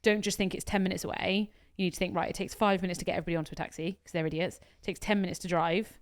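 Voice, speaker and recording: Fast-talking blunt woman. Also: fairly low pitch. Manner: blunt, animated storytelling with quoted dialogue and swearing. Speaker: podcast co-host. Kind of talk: casual chat.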